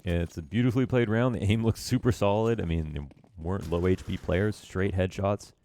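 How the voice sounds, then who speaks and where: Speaking fairly quickly in a low, dark voice, an esports coach reviews a match demo for viewers. The game analysis is casual and chatty. He fills it with filler words and the odd joke about himself.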